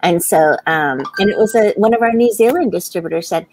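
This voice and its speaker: A woman's voice: medium pitch, brisk, vocal fry, few pauses, a little mellow, low-quality recording. An American woman hosting a live writing stream, chatting casually, laughing often and reading viewer comments aloud. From United States. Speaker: livestream host.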